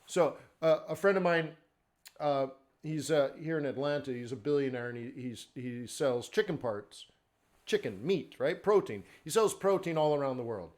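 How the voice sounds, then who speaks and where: A man teaches forex trading in a live webinar, speaking conversationally with rhetorical questions and frequent checks like "okay?" and "right?". His voice is mid-range with a darkish tone, at a moderate pace.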